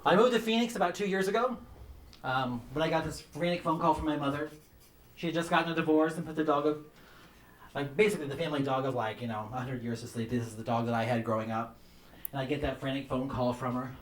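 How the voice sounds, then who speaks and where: A man doing a stand-up comedy set, telling campy stories about his mother and mimicking her in a shrill voice, with audience laughter behind him. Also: fast talker. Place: comedy club stage. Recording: roomy club sound from some distance.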